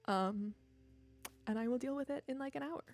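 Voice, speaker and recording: Speaking at a normal pace in a high-sitting, darkish voice, a weary young woman rambles casually and self-deprecatingly into a desk mic while streaming from home. Soft music plays in the background.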